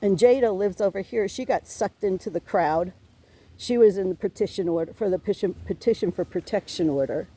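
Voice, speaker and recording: A middle-aged woman with a soft, mellow tone pours out a complaint to an officer. She rambles and circles back, restarting sentences and cursing out of frustration. The delivery stays in an ordinary middle pitch, worn down and aggrieved. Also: a little fast, breathy edge. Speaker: tenant reporting harassment to police.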